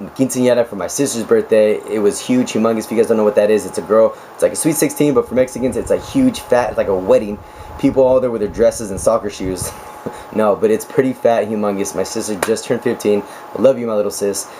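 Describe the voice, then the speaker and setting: A young man vlogs in a hoarse, raspy voice, pitched on the low side and loose, jokey and talkative. A faint hum of room noise runs underneath, like an air conditioner in a small room. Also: brisk, dark tone, rough recording. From United States. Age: 20s. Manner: chatty, laughing, joking asides. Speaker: nurse vlogger. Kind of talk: casual chat to camera.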